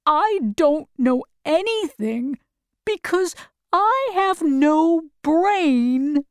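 A woman voicing a gentle, simple-minded male scarecrow in a storybook reading, speaking slowly and carefully. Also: sits high, very animated, dry recording, clean studio sound, voice pushed up, heavily acted. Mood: earnest.

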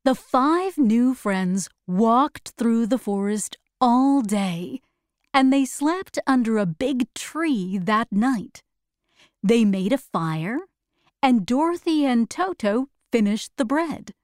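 A woman narrating a storybook chapter in a clear, expressive reading voice. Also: fairly high pitch, slow pace, no echo, studio quality.

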